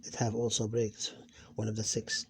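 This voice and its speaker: A man's voice: on the low side, completely flat delivery, moderate pace, husky, no echo. A man teaching an Arabic phonics lesson, sounding out syllables one at a time with patient explanations. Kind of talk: slow reading lesson.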